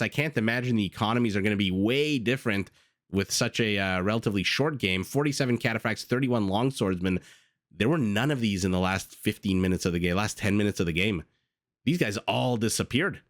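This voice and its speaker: A man with a fairly low voice gives relaxed post-game commentary on a strategy match. He talks in a chatty, self-mocking way and often stops for filler pauses. The recording is dry and close to the mic. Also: dry recording. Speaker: game caster.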